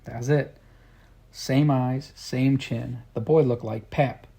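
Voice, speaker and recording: Gravelly man reading a storybook. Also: mid-range voice, steady tone, takes it slowly, warm tone. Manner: earnest first-person storytelling. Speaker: audiobook reader. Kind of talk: storybook narration.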